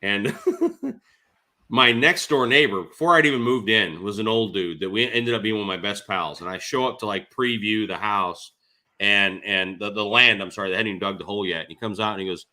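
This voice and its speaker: A man appearing as a guest on a casual podcast, telling animated anecdotes and laughing often. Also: fairly low pitch, brisk. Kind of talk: casual storytelling.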